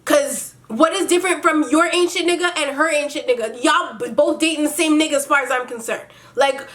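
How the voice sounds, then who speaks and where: A woman hosting a vlog, reading out viewer emails and then ranting about them in a profane, exasperated way. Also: high voice. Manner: reads emails in a slow, flat storytelling tone. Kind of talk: casual advice vlog.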